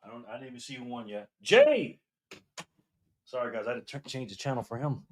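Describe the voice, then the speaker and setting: A man hosting a casual live stream, reading the chat aloud with excitement and frequent laughter. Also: mid-range voice, very fast, dry recording.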